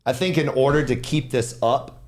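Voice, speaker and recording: A man's voice: medium pitch, moderate pace. A man hosting a podcast, talking candidly and casually, with frank swearing and reflective asides. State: emotional. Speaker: podcast host. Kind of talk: casual interview chat.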